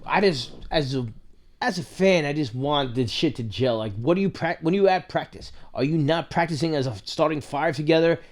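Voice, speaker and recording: This is a young man, co-hosting a relaxed sports podcast as an impatient fan. His voice sits a little high for a man. He rambles, loses his thread, and laughs easily. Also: normal speed. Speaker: podcast co-host. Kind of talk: casual sports chat.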